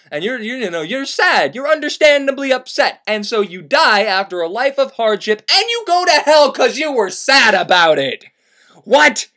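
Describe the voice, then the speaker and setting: A man's voice: high voice, bright, forceful tone. A man retelling a classic story as crude comedy, profane and sarcastic. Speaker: host.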